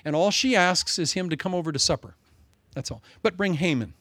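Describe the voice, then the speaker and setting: A male pastor preaching a sermon, telling a story with lively, humorous asides. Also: sits high, brisk, dry recording.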